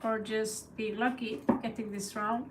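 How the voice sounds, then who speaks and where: A woman's voice: fairly high pitch, flat delivery, measured pace, recorded from a distance, very noisy. A woman with a Norwegian accent hosting a tarot live stream in loose, chatty talk, cursing and laughing as she goes. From Norway. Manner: chatty and loose, swearing, laughing, mimicking crow calls. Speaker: tarot reader and channel host. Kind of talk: casual live-stream chat.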